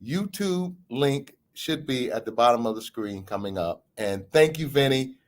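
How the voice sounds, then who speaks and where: Animated, slow-talking male podcast host. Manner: emphatic, theatrical delivery with big pitch swings. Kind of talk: political commentary.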